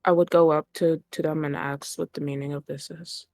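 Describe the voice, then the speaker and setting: Male player, measured replies, dry close sound. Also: a little high, flat delivery, a little mellow, dry recording. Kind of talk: tabletop role-play answers.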